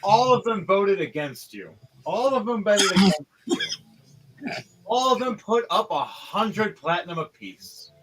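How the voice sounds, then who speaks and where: A man narrating as dungeon master of a tabletop game, animated, rambling and profane. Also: high-pitched, measured pace.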